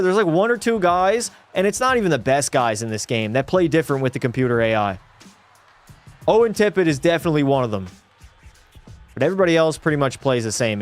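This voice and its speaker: A young man streaming a hockey video game, commentating live and swinging into frustrated yelling at bad plays. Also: medium pitch, clean tone. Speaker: gaming streamer.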